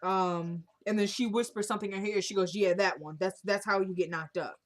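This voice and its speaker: Woman vlogger, casual recap, animated retelling, mid-range pitch. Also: fairly quick. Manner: retells scenes quoting characters, animated. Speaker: TV episode recapper. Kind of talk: casual episode recap vlog.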